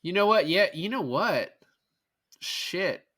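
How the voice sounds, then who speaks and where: Bright-voiced man in animated movie chat. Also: high voice. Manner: animated, acts out movie scenes in quick quoted bits. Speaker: podcast guest.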